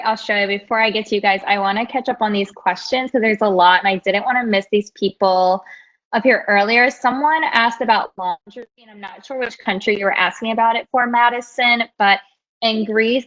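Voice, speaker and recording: A woman's voice: mid-range voice, a bit bright, highs cut off. A young woman moderating a live question session over a video call, upbeat and reading out questions. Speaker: event moderator.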